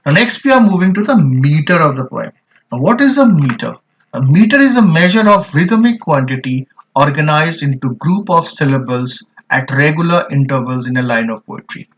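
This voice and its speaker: A man gives a poetry lesson for an online class, explaining each term slowly and with emphasis. His voice sits a little high for a man. The recording sounds dull and lo-fi. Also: lively intonation, fairly bright tone, slight background noise. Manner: slow, emphatic explanations with repeated examples. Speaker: teacher.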